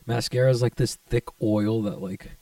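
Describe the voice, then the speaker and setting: A young man rambling in a casual, profane vlog monologue, laid-back but jumping to excited bursts. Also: lowish voice, moderate pace, no echo, far from the mic. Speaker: vlogger.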